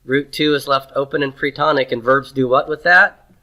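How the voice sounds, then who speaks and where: Teacher: man, bright tone, quizzes the class and cracks folksy jokes. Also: mid-range voice, normal speed, low-quality recording. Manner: drills pronunciation, asks the class questions, folksy jokes. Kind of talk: classroom lecture.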